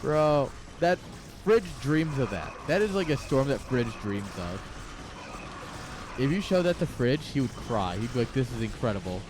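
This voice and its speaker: A young man commenting live on an esports match in an excitable, joking way, talking straight to his chat. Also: mid-range voice, measured pace, background noise. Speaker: game caster.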